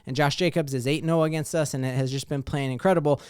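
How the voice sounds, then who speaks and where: Excited sports talk host, man. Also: a little high, fast talker, smooth, no room sound, clean studio sound. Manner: excited, rambling with many fillers. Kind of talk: casual sports commentary.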